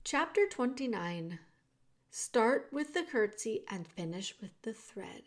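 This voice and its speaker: A woman reading a children's novel aloud in a slow, measured way. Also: on the high side, very animated. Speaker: reader.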